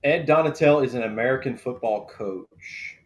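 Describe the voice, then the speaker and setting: A man's voice: mid-range voice, normal speed, dull audio. A man hosting a casual live draft show, joking and rambling, reading things out as he looks them up. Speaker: host.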